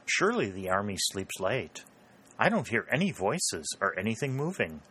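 A man reading an audiobook voices a worldly, self-possessed young society woman who speaks in quick exclamations. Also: on the low side, husky, exaggerated voice. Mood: light. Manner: excited, exclaiming.

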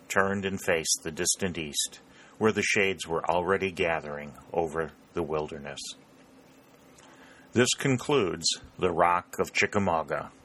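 A man reading an audiobook in a measured, even narration. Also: sits low.

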